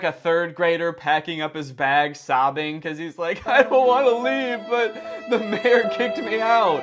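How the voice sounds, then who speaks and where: A man's voice: fairly high pitch, fairly bright tone. Wry sarcastic young man. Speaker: commentary YouTuber. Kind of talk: comedic reaction commentary.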